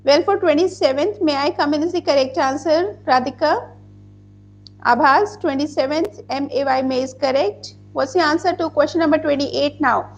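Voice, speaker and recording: A woman's voice: sits high, normal speed, slight background noise. A woman teaching grammar in an online class. She explains patiently and spells words out letter by letter. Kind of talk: online class, reading out student answers.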